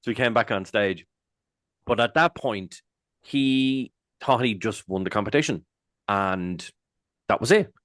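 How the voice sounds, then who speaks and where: An Irish man with a lowish voice, spinning a rambling anecdote on a podcast. He is animated, curses freely and bursts into loud impressions of what people said. The sound is dry and close. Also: unhurried, long pauses, no room sound. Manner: animated, swears freely, jumps into loud quoted exclamations. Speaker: podcast co-host. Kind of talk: casual storytelling chat.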